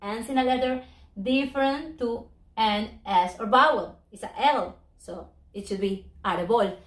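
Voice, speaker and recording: A woman whose first language is Spanish, teaching a Spanish lesson in English and slowly drawing out each example word. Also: a little high. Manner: slow, drawn-out modeling of words, non-native English grammar. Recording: echoey room.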